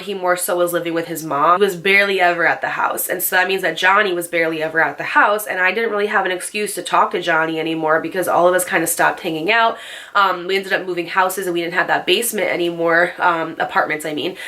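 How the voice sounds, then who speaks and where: Chatty young woman telling a story. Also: lowish voice. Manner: chatty, animated, sarcastic, lots of fillers. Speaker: storytime vlogger. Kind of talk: casual storytelling.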